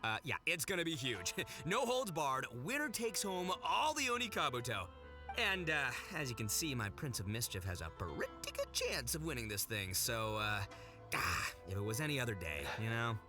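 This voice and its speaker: An actor playing a smooth-talking, chummy male hustler in a video game. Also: medium pitch, sing-song, close to an everyday voice. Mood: wheedling. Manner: slick, chummy, fast-talking. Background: game music.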